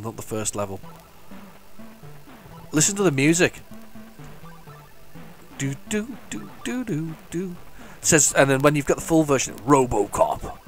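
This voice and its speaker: A man giving casual, enthusiastic commentary while playing an old computer game, rambling and restarting his sentences. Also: medium pitch. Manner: hums the game tunes along. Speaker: retro gaming video host. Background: faint retro game music.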